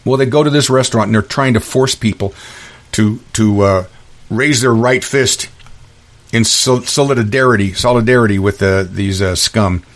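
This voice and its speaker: A man's voice: fairly low pitch, moderate pace. A man hosting a solo podcast, delivering an angry ranting monologue full of restarts and repeated words. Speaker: podcast host.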